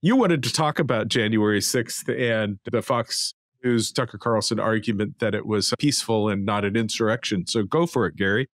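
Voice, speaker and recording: A man's voice: lowish voice, normal speed, hardly any pauses, a bit bright, dry recording, studio quality. Man hosting a casual talk show. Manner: presents items, pushes back with questions. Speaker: host.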